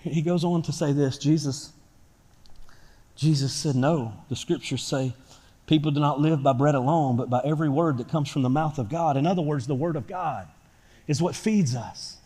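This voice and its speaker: A pastor preaching a sermon to his church, swinging from quiet talk to loud shouting. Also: a little high, normal speed. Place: church sanctuary. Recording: church hall reverb.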